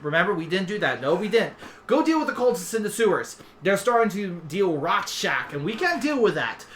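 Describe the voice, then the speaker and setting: A man's voice: high-pitched, big pitch swings, a little fast, a bit bright, a little hiss or hum, pitched above the performer's own voice. A man voicing a greedy, fawning two-headed dragon king who repeats "yes, yes" endlessly while his two heads bicker. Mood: scheming.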